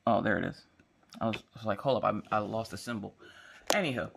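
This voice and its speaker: A woman vlogging about diamond painting, chatting casually as she works and telling stories in a lively, slangy, playful way. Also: very deep voice, brisk, gravelly, breathy edge. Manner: acts out quotes in changing voices. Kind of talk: casual chat while crafting.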